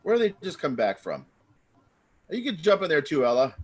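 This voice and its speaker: A man hosts a live improv show from home over a video call. His voice sits high and swings widely in pitch, and he rambles excitedly as he sets up each game. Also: a little fast, slight background noise. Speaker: improv host.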